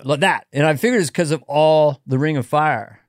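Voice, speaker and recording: Male comedian guest, mid pitch, playful and animated, dry close-mic sound. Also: no room sound. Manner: animated, jumps into quick voices and sound effects. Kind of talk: casual comedy chat.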